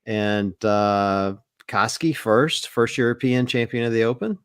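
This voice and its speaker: A man co-hosting a podcast, telling relaxed, rambling stories in casual chat, full of fillers. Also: mid-range voice, a little slow, clear, resonant tone, no echo, clean studio sound. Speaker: podcast co-host.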